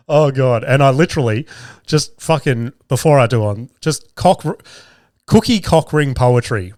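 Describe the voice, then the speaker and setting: A man's voice: medium pitch, sing-song, a little slow, darkish tone, no echo. Male podcast host in his 30s, rambling, crude humor, a little stuffy-nosed, dry close recording. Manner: profane, rambling, jokey. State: getting over a cold, a bit nasal. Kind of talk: casual comedic podcast chat.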